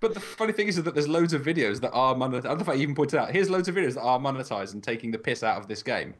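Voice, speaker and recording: A man's voice: mid-range voice, lively intonation, rapid-fire, a little hiss or hum. A man hosting a casual podcast, joking and rambling with the odd swear. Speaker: podcast host.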